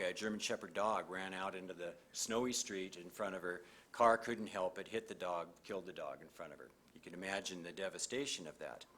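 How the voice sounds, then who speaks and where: Older man giving an earnest ceremony speech. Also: fairly low pitch. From Montana. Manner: measured, earnest, with pauses and fillers. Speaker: district judge. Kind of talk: ceremony speech and oath reading. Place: graduation ceremony venue.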